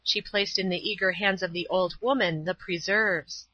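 A woman narrating a storybook in a steady, clear reading voice. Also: fairly low pitch, moderate pace, hardly any pauses, no room sound. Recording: dull, dry lo-fi recording.

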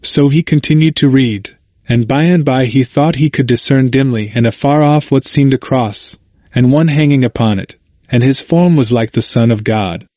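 Male reader, mid-range voice, measured and earnest delivery, dry close recording. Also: medium pitch, warm tone, dry recording. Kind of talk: reading a historical text aloud.

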